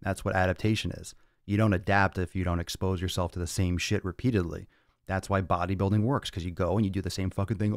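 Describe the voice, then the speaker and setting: Male fitness podcast host, low pitch, dry, blunt and profane, lecturing. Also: fairly even intonation, fast, no echo. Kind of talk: blunt Q&A monologue.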